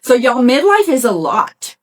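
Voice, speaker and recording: A middle-aged woman with a slightly raised pitch speaks as a podcast host. She gives a motivational self-help talk in a warm-hearted, conversational way, addressing listeners directly and often asking "right?". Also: big pitch swings, measured pace. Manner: encouraging and conversational, talks straight to listeners; folksy, with frequent "y'all" and "right?".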